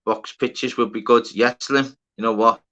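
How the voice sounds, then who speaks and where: A man's voice: medium pitch, steady tone, normal speed, a bit bright, lo-fi sound. A man hosting a livestream, bantering casually with viewers, swearing freely and greeting them by name. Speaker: livestream host. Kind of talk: casual live-chat banter.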